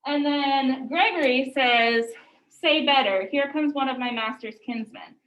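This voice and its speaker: High-voiced woman teacher in echoey classroom. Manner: casual, says "like" often. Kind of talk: classroom lecture. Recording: echoey room, distant mic, muffled.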